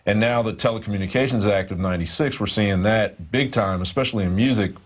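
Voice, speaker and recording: A man's voice: lowish voice, fast. A male reporter talking through a studio news discussion, rambling and hesitant with many fillers.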